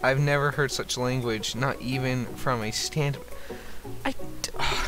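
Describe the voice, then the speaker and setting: A man's voice: medium pitch, unhurried. A man playing a dating game on stream, reading its text aloud and swearing through sarcastic commentary. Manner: profane, sarcastic, animated outbursts between flat reading. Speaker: streamer playing a visual novel. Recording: faint music behind.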